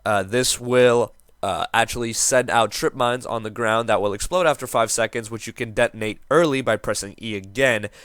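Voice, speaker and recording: A man's voice: medium pitch, fairly bright tone, clear, resonant tone, no echo. A young man giving casual, upbeat commentary as he explains how to play a game hero, joking around with a just-woken-up morning voice. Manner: joking, upbeat, self-mocking. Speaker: game guide host.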